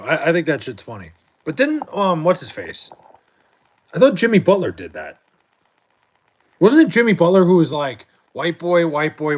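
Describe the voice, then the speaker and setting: A young man hosting a live stream, chatting casually about sports in a profane, rambling way with many restarts and fillers, late at night at home. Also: on the high side. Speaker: livestream host reading chat.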